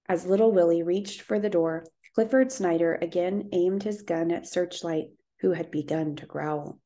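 A woman reads a children's novel aloud, keeping a steady, even storytelling pace. Her voice sits low and dark, with a gravelly edge running through it. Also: moderate pace, hardly any pauses. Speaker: audiobook narrator.

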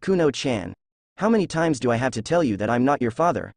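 A man's voice: mid-range voice, very animated, brisk, gravelly, dry recording, clean studio sound. A man doing a laid-back teenage ninja boy. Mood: flustered. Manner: lazy and flustered.

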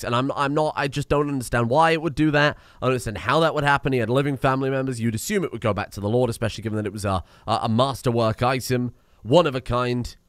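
A young man talks through his strategy game as he plays, muttering to himself and swearing as things go wrong. His voice sits at an ordinary middle pitch. The recording is close and dry, with no room sound around him. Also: clean tone, dry recording. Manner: talks to himself while playing, swearing and exasperated. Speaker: let's play streamer. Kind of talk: live gameplay commentary.

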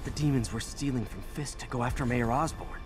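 A man's voice: medium pitch, brisk, lightly acted. An actor playing a young male superhero in a video game, quippy and earnest. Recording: game dialogue over loud music.

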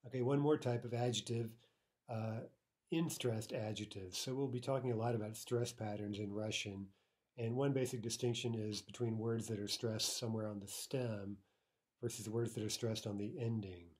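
Husky, low-voiced male language teacher. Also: fairly even intonation, darkish tone. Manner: explains patiently, with fillers and restarts, reads example words slowly. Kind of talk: recorded language lesson.

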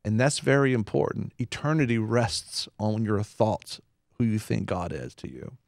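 A man's voice: lowish voice, normal speed, vocal fry, no echo, clean studio sound. A man hosting a Christian talk show, speaking emphatically like a preacher and repeating points for stress.

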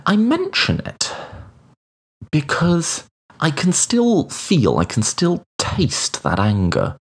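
A man's voice: a little high, huge pitch swings, takes it slowly, creaky, slightly rough. A man in his thirties, hosting a solo podcast and telling a personal story in a reflective way, with hesitations. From United Kingdom. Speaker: podcast host.

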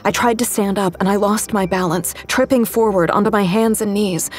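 A woman's voice: mid-range voice, moderate pace. A woman giving tense, intimate first-person dramatic narration in an audio drama.

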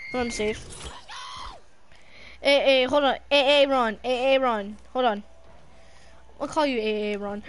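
A young woman playing a video game with a friend, yelling, swearing and joking. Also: fairly high pitch, fairly even intonation, measured pace, pauses often, noisy background. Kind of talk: casual gaming chat.

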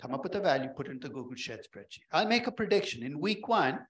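Guy professor lecturing, kinda high voice, lively and jokey. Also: quick pace, hardly any pauses, poor audio. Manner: lively, joking, conversational teaching. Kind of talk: university lecture.

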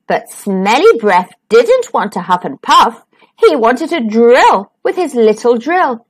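A woman reads a children's picture book aloud for storytime. Her voice is high and lilting, with wide swings of pitch. She takes her time, letting each line land slowly. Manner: slow, expressive reading. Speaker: storytime reader.

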